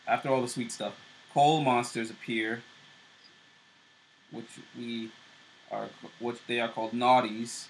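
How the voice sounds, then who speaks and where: A man's voice: mid-range voice, level tone, unhurried, long pauses, a little hiss or hum, rough recording. A man co-hosting a show, casually recapping TV episodes with loose fillers and restarts. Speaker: show co-host.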